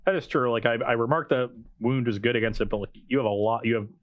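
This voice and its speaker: A man talks fast, weighing his cards and deck choices in loose, friendly chat. The sound is dry and close. His pitch sits in the middle. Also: no room sound, dull audio. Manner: fast, thinking aloud with restarts. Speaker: card game player on a show. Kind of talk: casual banter while playing.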